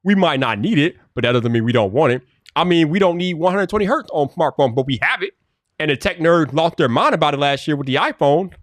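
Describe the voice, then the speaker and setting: Slightly high-pitched and lively, this man talks a bit quickly on a dry recording with no room sound. He's hosting a casual tech live stream, responding to viewer comments in loose slang, tripping over repeated words and getting exasperated when things glitch.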